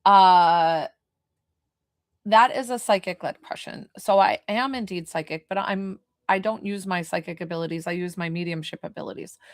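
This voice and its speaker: A woman who works as a medium, chatting casually on a livestream and answering her viewers' questions in a lively way. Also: lowish voice, creaky, no echo, clean studio sound. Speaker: medium doing live readings.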